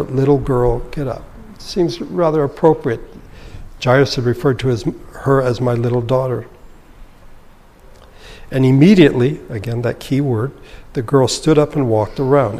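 A man's voice: medium pitch, darkish tone, long reverb tail. A man leading a Bible study, reading scripture aloud and then explaining it in a conversational way. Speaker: Bible teacher.

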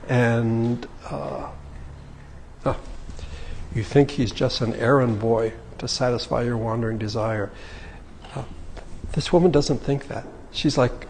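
A man preaching a sermon, retelling scripture in a relaxed, conversational way. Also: mid-range voice, a little slow, big-room sound, a little hiss or hum. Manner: conversational, paraphrasing scripture in casual speech. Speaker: pastor.

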